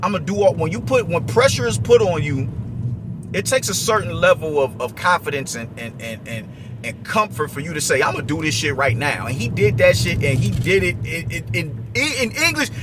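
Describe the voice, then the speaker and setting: A man's voice: a little high, expressive, normal speed, noisy background. A young man giving a casual, profane, slang-heavy commentary rant about boxing. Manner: profane, slangy, restless and repetitive.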